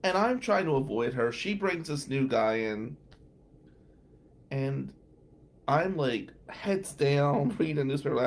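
Animated man telling a story on the radio. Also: mid-range voice, a little slow, vocal fry, pauses often, slight background noise. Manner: animated, chatty, full of "like" fillers. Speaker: radio show host. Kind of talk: casual storytelling monologue.

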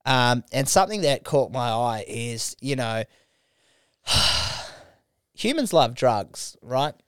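A man's voice: medium pitch, very animated, slow pace, a bit bright, clear, resonant tone, no echo, clean studio sound. A man co-hosting a casual comedy podcast, joking loosely and swearing freely. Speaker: podcast co-host.

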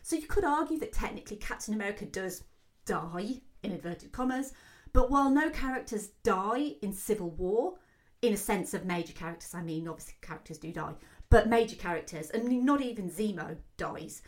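A woman hosting a solo film commentary show, talking quickly and excitedly with frequent fillers. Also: medium pitch. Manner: fast, excitable talker with many fillers. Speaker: film podcast host.

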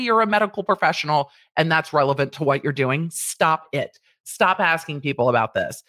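A woman's voice: low-pitched, animated, a little fast, few pauses, a bit bright, no room sound, clean studio sound. A woman hosting a casual commentary show, talking animatedly and putting on exaggerated quoted voices. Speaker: commentary host.

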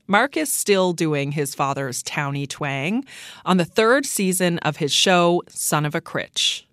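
A woman hosting a radio documentary, narrating from a script in a clear, measured way. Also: sits low, lively intonation, fairly bright tone, dry recording, clean studio sound.

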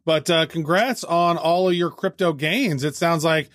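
A man's voice: fairly high pitch, a bit bright, no room sound, studio quality. A man co-hosting a casual podcast, talking enthusiastically with lots of fillers. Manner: enthusiastic, fast, many fillers. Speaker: podcast co-host.

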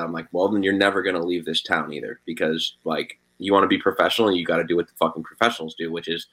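A man's voice: deep voice, brisk, few pauses, fairly bright tone, breathy edge. A young man, a guitarist, chatting casually, swearing often and saying "dude" and "like" a lot. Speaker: guitarist in a band. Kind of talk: casual chat.

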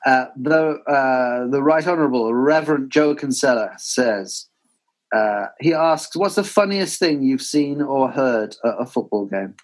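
A man's voice: medium pitch, lively intonation, a little slow, low-quality recording. A man hosting a casual football podcast, reading out listener questions and telling fan anecdotes. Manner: reads listener questions, tells anecdotes with shouted impressions. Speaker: podcast host. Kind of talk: casual chat.

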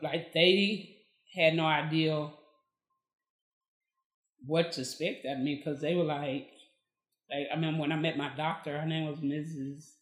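A woman's voice: low-pitched, echoey room. A woman, a podcast guest telling her story in casual conversation, acting out what people said. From Texas. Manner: lively, acts out quoted dialogue.

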